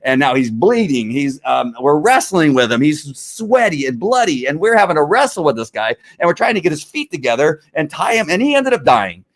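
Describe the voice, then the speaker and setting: A man's voice: a little high, brisk, few pauses. A middle-aged man, a former police officer, riled up and ranting in heated commentary, full of restarts. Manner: riled up, animated, talks over himself with restarts.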